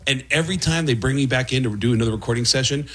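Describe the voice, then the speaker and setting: A middle-aged man, a voice actor and impressionist, telling an animated talk-show anecdote. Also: medium pitch, rapid-fire, slightly rough. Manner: animated storytelling with laughs and quoted voices.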